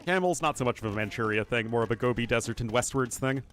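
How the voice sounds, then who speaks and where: A man's voice: mid-range voice, fast, fairly bright tone. A man casting a strategy game match live, chatty and rambling, talking straight to his chat. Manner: chatty, rambling asides, talks to chat directly. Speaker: game caster and streamer. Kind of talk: casual live esports commentary.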